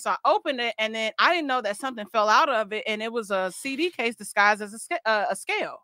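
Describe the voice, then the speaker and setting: A woman telling a quick, animated story in a casual chat. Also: on the high side, dry recording.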